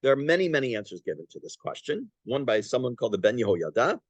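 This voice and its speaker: A man's voice: mid-range voice, sing-song, dry recording. A man teaching a Torah class, translating Aramaic phrase by phrase and explaining it in a conversational way with small restarts. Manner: halting restarts and fillers while explaining.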